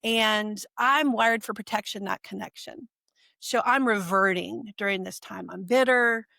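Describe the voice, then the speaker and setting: A woman in her forties, a podcast guest, telling her personal story in a lively way and acting out what people said. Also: mid-range voice, measured pace, gravelly, no room sound, studio quality. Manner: animated, acts out quoted speech.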